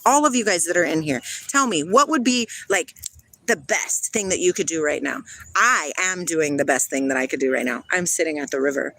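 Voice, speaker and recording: A woman's voice: fairly low pitch, expressive, normal speed, fairly bright tone, dry recording, low-quality recording. A woman talks into her phone outdoors by a river while livestreaming. Her chat is playful and dreamy and leans toward spiritual talk. She reads viewer comments aloud and answers them as she goes. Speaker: livestream host.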